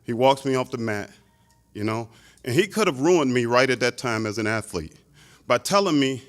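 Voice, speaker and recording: A man in his fifties, a hall of fame inductee, telling a lively story in a speech, full of asides. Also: medium pitch, normal speed. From Chicago, United States.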